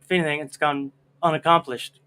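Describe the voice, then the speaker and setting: High, lively, bright-voiced male host. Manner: playful, self-mocking, laughs often. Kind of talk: casual banter on a livestream. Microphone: video call.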